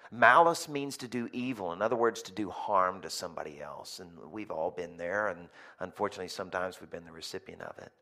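Lively storytelling male pastor, low voice. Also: brisk, hardly any pauses. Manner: lively storytelling with rhetorical questions; jokey asides to the congregation. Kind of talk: sermon.

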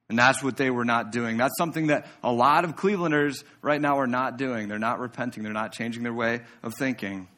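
A man's voice: mid-range voice, fairly bright tone. A man pastor giving a sermon in church, preaching in a conversational way with asides to the congregation.

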